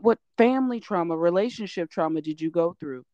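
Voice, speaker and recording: A woman's voice: on the low side, animated, brisk, dry recording. Indignant woman, dull dry recording. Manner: indignant, emphatic, profane. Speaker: content creator. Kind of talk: casual chat.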